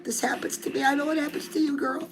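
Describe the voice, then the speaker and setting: A woman's voice: high-pitched, little pitch movement, fast talker, over music, poor audio. A middle-aged woman hosting a casual livestream chat, coaching her viewers and calling them "girl". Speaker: host.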